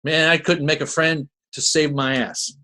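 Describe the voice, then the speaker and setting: Hosting a crypto marketing call, this New Jersey man delivers a loose, rambling pitch in his Jersey accent, folksy and packed with restarts and side comments. His voice sits on the high side, steady in tone, at a normal speed, pushed and bright.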